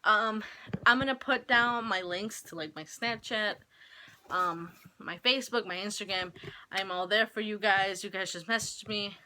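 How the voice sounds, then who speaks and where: Mid-range and normal in speed, this teen vlogger's voice is bright and forceful, with a slight hiss or hum in the background. Holding her baby at home, she rambles to the camera about young motherhood, saying "like" constantly.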